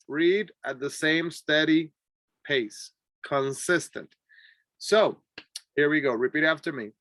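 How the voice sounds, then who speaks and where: A man who speaks Spanish as his first language, teaching an English class with clear, deliberate repeat-after-me drills and an encouraging manner. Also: on the high side, fairly bright tone, no echo, studio quality. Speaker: ESL teacher.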